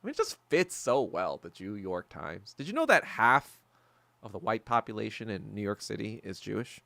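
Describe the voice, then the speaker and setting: A man's voice: lowish voice, big pitch swings, normal speed, creaky, pushed and bright, no echo. A man hosting a solo podcast chat, ranting bluntly and profanely with lots of filler words and abrupt topic jumps. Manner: blunt, jumpy topic changes. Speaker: podcast host. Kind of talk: solo livestream chat, answering viewers.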